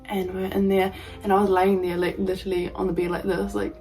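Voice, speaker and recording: A woman's voice: medium pitch, little pitch movement, warm tone, soft background music, rough recording. A hesitant young woman telling a personal story. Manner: hesitant, halting, full of "um" and "like". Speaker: vlogger.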